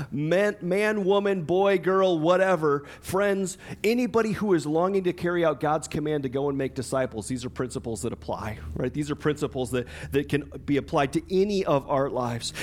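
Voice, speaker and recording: A man preaching a sermon in a conversational, chatty way, with lots of fillers, restarts and laughter. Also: a little high. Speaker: pastor.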